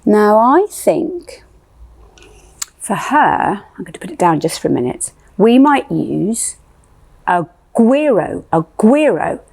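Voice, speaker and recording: A woman's voice: mid-range voice, very animated, slow, creaky, a little mellow, slightly rough. A woman leading a playful music lesson for young children, asking sing-song questions.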